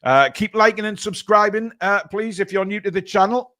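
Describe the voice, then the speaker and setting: A middle-aged man hosts a live football stream, speaking casually to his audience. His voice sits a little high, and he jokes his way through the build-up. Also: moderate pace, bright, forceful tone, no echo, studio quality. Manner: chatty, joking, addresses viewers directly. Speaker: co-host of a live match watchalong.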